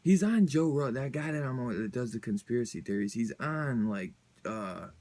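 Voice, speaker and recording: A man chatting casually about a comic book, excited and rambling in a loose, slangy way. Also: medium pitch, normal speed. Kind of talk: casual review chat.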